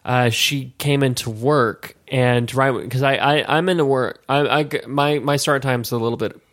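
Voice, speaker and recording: A man's voice: medium pitch, fairly even intonation, normal speed, fairly bright tone. A man co-hosting a casual podcast chat, rambling with many restarts and laughing easily. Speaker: podcast co-host.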